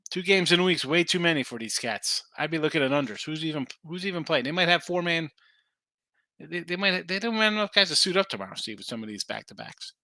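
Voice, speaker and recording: Bright dry-sounding guy going over bets, rambly and casual. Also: a little high, animated, fast talker, dry recording. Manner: loose, rambling, answers chat comments. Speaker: sports betting podcast host. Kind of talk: casual betting picks talk.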